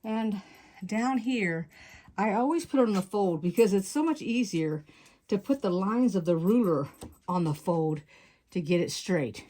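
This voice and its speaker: A woman's voice: medium pitch, animated, unhurried, mellow. Chatty woman teaching quilt cutting. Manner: chatty and folksy, stops to correct herself. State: slightly out of breath. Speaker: quilting channel host. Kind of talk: casual step-by-step sewing tutorial.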